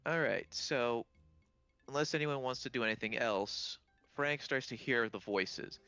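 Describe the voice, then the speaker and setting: A man's voice: medium pitch, unhurried, sharp tone, clear, resonant tone, no echo, highs cut off, soft background music. A man narrating a tabletop game as game master, describing scenes and asking the players what they do.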